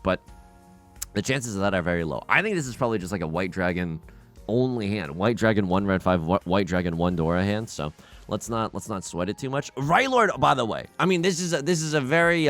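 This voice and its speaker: Young male gaming host, lively swinging pitch, stammers and restarts, faint music under voice. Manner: animated, self-mocking, frequent stammered restarts. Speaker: gaming YouTuber. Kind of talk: live gameplay commentary.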